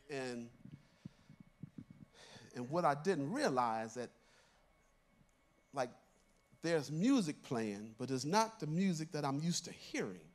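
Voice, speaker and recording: High-voiced older male church elder. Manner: conversational, storytelling, chuckles through lines. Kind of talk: sermon told as a personal story.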